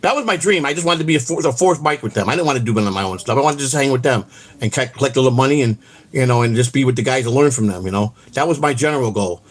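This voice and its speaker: Fast-talking profane man. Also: medium pitch. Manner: profane, rambling, excitable storytelling. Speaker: host. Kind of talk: casual rambling livestream chat.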